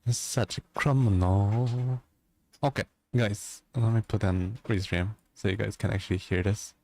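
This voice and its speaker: A man's voice: on the low side, fairly even intonation, moderate pace, creaky, a little mellow, dry recording. A man chatting casually with viewers as a livestream host, joking around.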